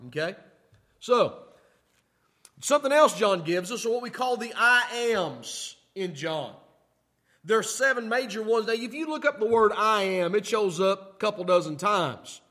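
A man preaching a sermon in a folksy way, often asking "okay?" and moving between loud emphatic lines and quiet asides. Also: high-pitched, lively intonation, moderate pace. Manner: folksy, repeats "okay?" to check in with listeners. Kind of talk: sermon teaching.

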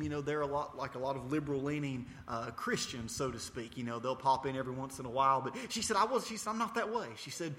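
Fervent, bright-voiced preacher man. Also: fairly high pitch, big-room sound, slight background noise. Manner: storytelling, repeating "she said" and building to fervent intensity; frequent hesitations and restarts. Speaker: mission preacher. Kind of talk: testimony sermon.

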